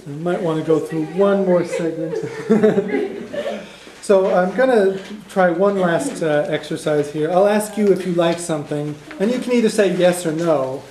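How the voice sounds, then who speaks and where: A man teaching a beginner language class, relaxed and chuckling, with plenty of fillers. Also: high voice, unhurried, noisy background. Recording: echoey classroom.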